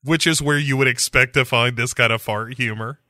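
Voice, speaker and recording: Bright-voiced joking podcast host man. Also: mid-range voice, normal speed, dry recording, clean studio sound. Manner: jokey, animated plot retelling with quoted voices. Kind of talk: casual movie discussion.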